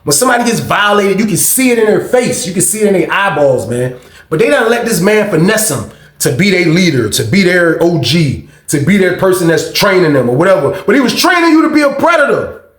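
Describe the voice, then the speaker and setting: A man hosting his channel, telling a storytime tale in an animated, profane street style. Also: high voice, brisk. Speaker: channel host. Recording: echoey room.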